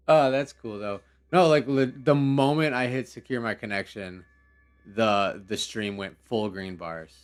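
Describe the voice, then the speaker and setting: A young livestream host plays a game and chats in a relaxed, slangy, rambling way, laughing at his reactions. His lowish voice is smooth and a little slow, and faint music plays behind him.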